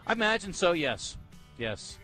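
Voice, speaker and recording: A man's voice: high voice, very animated, unhurried, pushed and bright, soft background music. A man hosting a live sports talk radio show from a bookstore, chatting in an easygoing, bantering way. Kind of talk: casual radio chat.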